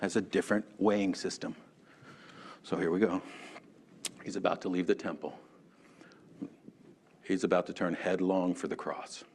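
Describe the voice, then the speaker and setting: A man teaching a Sunday school class in a church, chatty and animated, calling on class members by name. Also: low voice, normal speed, pauses often, slight background noise. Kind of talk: conversational sermon.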